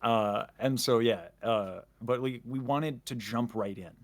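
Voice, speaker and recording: A man's voice: medium pitch, measured pace. A man chatting casually as a guest, rambling and self-interrupting with jokes. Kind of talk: casual chat.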